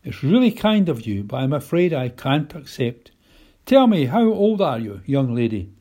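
A man's voice: medium pitch, big pitch swings, normal speed, mellow. A man voicing a proud, courteous old male tramp who speaks in a posh, formal way.

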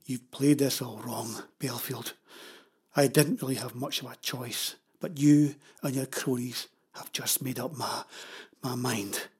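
A man reading a story aloud, voicing a stubborn, burly father who defends his land in a gruff, forceful way. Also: mid-range voice, fairly even intonation, measured pace. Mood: cold.

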